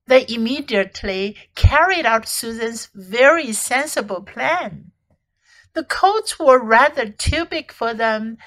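A woman teacher reading a classic children's novel aloud for learners. Her voice is high and she reads slowly. Each sentence comes clear and measured. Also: a bit bright, low-quality recording. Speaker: English teacher.

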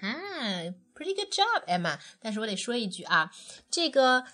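Gentle woman coaching a child. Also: on the high side, big pitch swings, moderate pace, loud music behind the voice. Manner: gentle, coaxing teacher talk, sings along. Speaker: parent teaching a children's song. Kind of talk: bilingual kids' song lesson.

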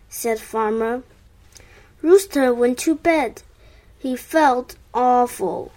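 A woman reading a children's picture book aloud, slow, clear and expressive. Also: fairly high pitch. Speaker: storyteller. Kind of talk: children's storybook read-aloud.

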